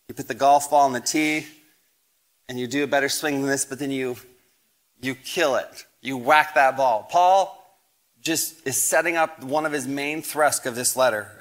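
A man's voice: a little high, a bit bright. A man in his thirties, a pastor preaching a sermon, reading scripture aloud and telling family stories with rising emphasis. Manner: storytelling with family anecdotes.

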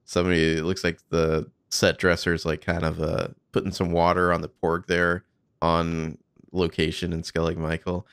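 A man's voice: sits low, completely flat delivery, moderate pace, a bit bright, clean tone, dry recording. A man casually commenting on behind-the-scenes footage, swearing freely and thinking aloud.

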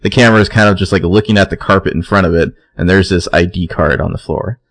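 A man's voice: deep voice, fast talker, fairly bright tone, no room sound. A man co-hosting a podcast, laid-back and wry as he recaps a TV episode. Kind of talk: casual chat.

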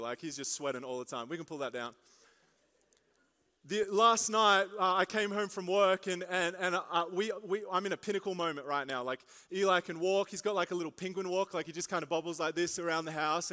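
A young male pastor preaches with a high, bright voice, mixing playful asides and stories into his sermon. His voice rings out with a long reverb through a large church hall. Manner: animated storytelling with jokes and asides.

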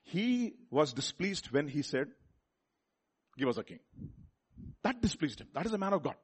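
A man with a Telugu accent preaching a sermon, repeating words and building up to loud rhetorical questions. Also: fairly high pitch, very animated, moderate pace, husky. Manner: repeats words and restarts phrases.

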